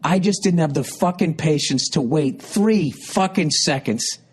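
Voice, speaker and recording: A man's voice: on the high side, a little slow, slightly rough. A man in his fifties tells a comic story on his podcast. His delivery is an exasperated rant, full of swearing and frustration. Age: 50s. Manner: profane, exasperated, ranting. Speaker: podcast host.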